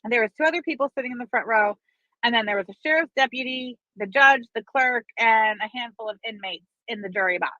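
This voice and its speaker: A woman's voice: fairly high pitch, fast, bright, forceful tone, no room sound. A woman telling a long gossipy story in a casual, dramatic and profane way, dragging out her fillers. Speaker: online commentator. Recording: dull lo-fi sound, dry.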